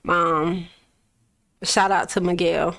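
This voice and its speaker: A young adult woman from Florida, a recording artist telling her story in a relaxed, casual interview, laughing often and swearing freely. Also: on the low side, slow pace, gravelly.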